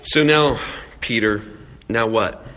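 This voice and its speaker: Forceful, bright-voiced male preacher. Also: medium pitch, slow. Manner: animated storytelling with rhetorical questions. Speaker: pastor. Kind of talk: sermon.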